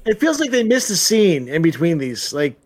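A man's voice: on the high side, sing-song, normal speed, darkish tone. Dry-witted man. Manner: dry, crude one-liners. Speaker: co-host of a movie-watching podcast. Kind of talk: casual chat.

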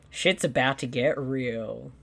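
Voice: medium pitch, vocal fry, a bit bright. A co-host in a casual movie commentary chat, teasing the other host and laughing often. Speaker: podcast co-host.

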